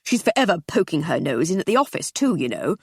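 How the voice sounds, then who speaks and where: A woman's voice: on the low side, very animated, fast talker, husky, no echo, studio quality, heavily acted. A woman voicing a scornful middle-aged man grumbling at a party.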